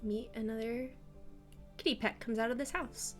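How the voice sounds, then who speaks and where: A woman's voice: a little high, steady tone, normal speed, faint music behind. A woman game master casually narrating a tabletop game, swearing and using lots of fillers.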